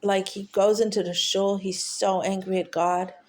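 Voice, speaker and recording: A woman telling a heartfelt teaching story, halting often with fillers and restarts. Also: medium pitch, little pitch movement. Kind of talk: storytelling talk.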